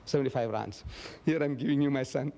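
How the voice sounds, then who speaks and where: A man's voice: mid-range voice, quick pace, creaky, mellow. A man answering audience questions in a public lecture, telling stories emphatically and acting out quoted dialogue. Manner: emphatic storyteller who acts out quoted dialogue.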